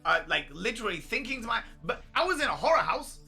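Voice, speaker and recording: Faint music plays behind this male streamer as he hosts a laid-back livestream. He talks fast in a high voice with vocal fry, spinning animated stories, cursing liberally, and breaking into bursts of laughter.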